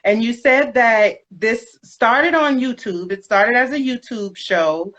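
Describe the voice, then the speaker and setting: A woman hosting a live podcast chat, talking in a chatty, animated way and laughing often. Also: fairly high pitch, slow pace. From United States. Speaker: podcast host. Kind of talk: casual live interview chat. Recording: dull lo-fi livestream audio.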